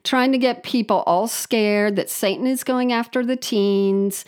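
A woman's voice: a little high, steady tone, measured pace, darkish tone, clean tone. A woman co-hosting a casual chat, telling wry stories with frequent tangents. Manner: chatty, wry storytelling with tangents. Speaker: podcast co-host.

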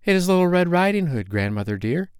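A man voicing a young girl from a fairy tale in a high, sweet put-on voice. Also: big pitch swings, a little fast, clean tone, no room sound, studio quality.

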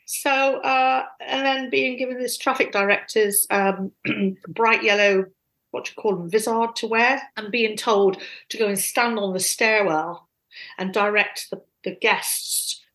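A woman casually telling animated, self-deprecating stories from her past. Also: mid-range voice, a little slow, low-quality recording. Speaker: guest storyteller.

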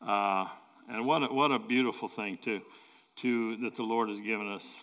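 A man preaching a sermon in an earnest, halting way, often restarting and repeating words as he builds a point. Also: fairly low pitch, steady tone, a bit bright. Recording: long reverb of a large hall.

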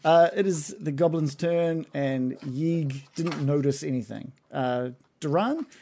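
A man's voice: on the high side, slow pace, background noise. A man narrating a tabletop fantasy game as game master, rambling with lots of fillers.

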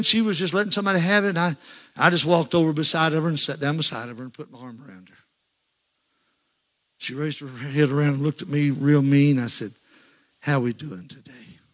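A man's voice: a little high, a little fast, fairly bright tone. A man preaching a sermon, telling folksy stories and rising to fervent calls to the congregation.

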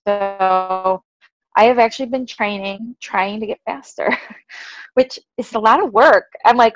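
A woman's voice: medium pitch, normal speed, dry recording, dull audio. A woman co-hosting a podcast in casual chat, laughing often and quoting her own thoughts as she talks. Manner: chatty, laughs often, quotes herself. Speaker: podcast co-host.

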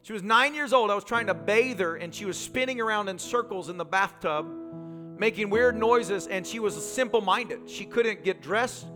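A male pastor preaching a sermon, telling vivid personal stories in quick, emphatic phrases. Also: high-pitched, animated, bright, forceful tone, soft background music. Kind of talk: sermon storytelling.

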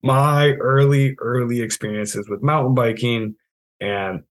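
Laid-back male guest, 30s, from New England, mid-pitched, casual storyteller who laughs at himself. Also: steady tone, a little slow, low-quality recording. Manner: laid-back, self-mocking, laughs often. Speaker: guest, trail project manager.

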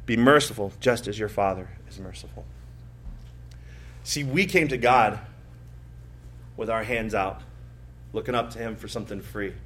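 A pastor preaching a sermon, telling personal stories and rising from quiet asides to emphatic points. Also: male voice, medium pitch. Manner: storytelling, swings from soft asides to emphatic rises.

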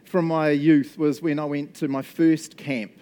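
Brief: jokey New Zealand male pastor, animated sermon into a handheld mic. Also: fairly high pitch, unhurried. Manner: chatty, joking, animated. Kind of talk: lively sermon. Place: church hall. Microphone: handheld microphone.

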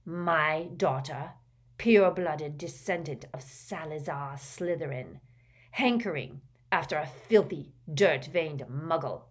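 A woman's voice: low-pitched, takes it slowly. A woman voicing a menacing, contemptuous old man who snarls and sneers. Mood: deadly quiet.

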